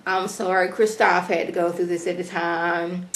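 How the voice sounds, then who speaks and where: A woman's voice: fairly low pitch, little pitch movement, moderate pace, natural voice. A woman voicing a stern, commanding female defense lawyer who speaks firmly. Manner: firm, warning.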